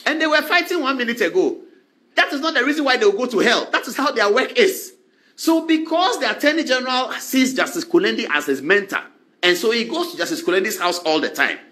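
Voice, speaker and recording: A man with a Ghanaian accent giving animated political commentary, acting out quoted exchanges as he goes. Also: very high-pitched, fairly quick.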